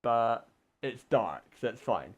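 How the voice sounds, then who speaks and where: A man from the UK casually telling a long story, swearing often, laughing mid-sentence and acting out shouted quotes. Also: medium pitch, expressive, slow pace, breathy edge, muffled recording. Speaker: gaming podcast co-host telling a story.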